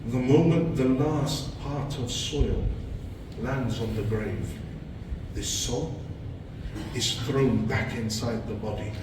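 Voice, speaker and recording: A man preaching a dramatic, impassioned sermon told as a story, recorded in an echoey mosque hall from a distant mic. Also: darkish tone. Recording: echoey hall from far off, low rumble.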